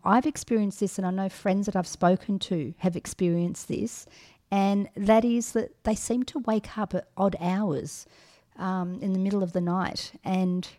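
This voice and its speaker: A middle-aged woman with a lowish, warm voice co-hosts a podcast. She hands out frank advice in a casual chat, full of ums and restarts.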